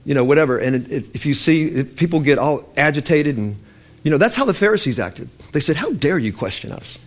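A man's voice: fairly high pitch, fast. Man preaching, telling stories with acted-out voices. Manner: animated storytelling, acting out voices of Bible figures; loose and conversational, with restarts and fillers. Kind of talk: sermon.

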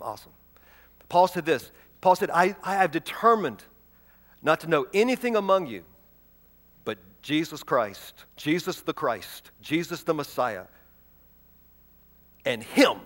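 Guy preaching a sermon, kinda high voice, super emphatic, repeats stuff, goes loud then real quiet. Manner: emphatic, repeats key words, swings from loud proclaiming to soft near-whisper. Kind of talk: sermon, reading and explaining scripture.

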